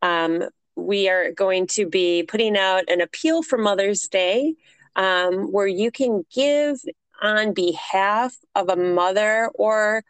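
A woman co-hosting a casual podcast. Her voice is smooth and clear, at a middle pitch. She chats and tells stories animatedly, recorded close and dry. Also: takes it slowly, no echo, poor audio. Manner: chatty, animated storyteller who laughs often. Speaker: podcast co-host. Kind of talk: casual chat.

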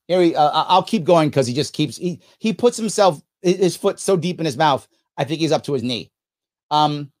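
A man in his fifties reacting to viewer comments, indignant and emphatic, repeating lines for effect. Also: fairly high pitch. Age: 50s. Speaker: podcast host reacting to comments.

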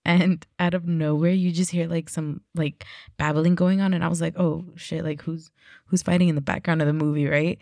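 A woman's voice: low voice, level tone, moderate pace, creaky, a little mellow, dry recording, studio quality. A woman co-hosting a casual podcast, telling a rambling story full of "like" and swearing. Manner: rambling, swears, heavy use of like. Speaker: podcast co-host.

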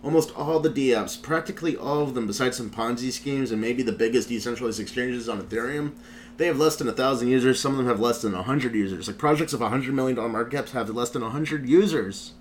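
A man's voice: mid-range voice, fast talker, slight background noise. A male show host in casual commentary, recapping a video in a rambling way with lots of filler words. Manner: rambling, heavy use of "like" fillers.

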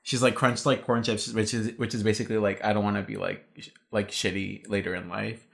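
A woman's voice: a bass voice, steady tone, fast talker, gravelly. A young woman in casual chat, blunt and opinionated, swearing now and then.

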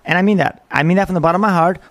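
A man's voice: sits high, fairly even intonation, racing, a bit bright, no room sound. A man hosting a podcast, delivering an angry, profane political rant with heavy emphasis. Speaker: podcast host.

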